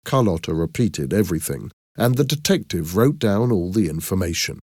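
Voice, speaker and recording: A man reading an audiobook in a clear, expressive storytelling manner. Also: deep voice, normal speed, dry recording, studio quality. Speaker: narrator.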